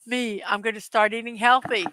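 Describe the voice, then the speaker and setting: Bright-voiced chatty woman hosting a morning show. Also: a little high, fairly even intonation, brisk, clean tone, no echo. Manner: chatty and upbeat, many fillers and asides, reads viewer comments aloud. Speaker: host of a daily morning show. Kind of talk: casual live-stream chat.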